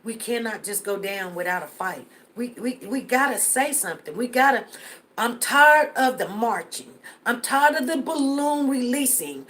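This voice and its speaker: A woman with a high-pitched voice hosts a casual live stream. She talks earnestly to her viewers and often repeats lines to drive a point home. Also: fairly bright tone. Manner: earnest, repeats herself for emphasis.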